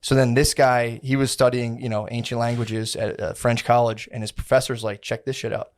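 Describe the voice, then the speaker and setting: A man's voice: mid-range voice, little pitch movement, fairly quick, clean tone. A man co-hosting a podcast, telling a history story in a rambling, slangy, casual way, full of quoted voices. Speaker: podcast co-host.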